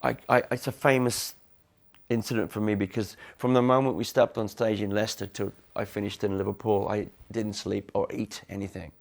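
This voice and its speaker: A man from the Midlands speaking candidly in a documentary interview, halting and restarting as he talks. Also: on the low side, flat delivery, gravelly. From Cannock, England. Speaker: interviewee, musician.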